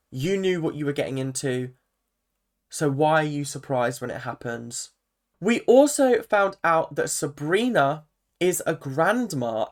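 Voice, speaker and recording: A vlogger giving a casual, chatty recap of a reality show, full of fillers and animated asides. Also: medium pitch. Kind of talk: casual commentary.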